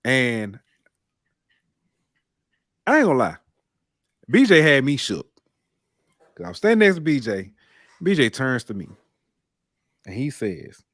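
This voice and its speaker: Animated man telling sports stories. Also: unhurried, long pauses, no echo, studio quality. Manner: animated storytelling, rises in pitch and volume when excited. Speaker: podcast co-host. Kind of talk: casual sports chat.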